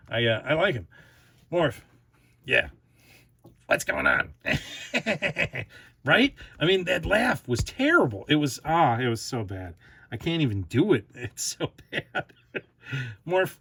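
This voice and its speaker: A man's voice: mid-range voice, sing-song, moderate pace, creaky, a bit bright, slightly rough, no echo. A man hosting his own toy review channel, talking casually, giggling often and restarting his sentences.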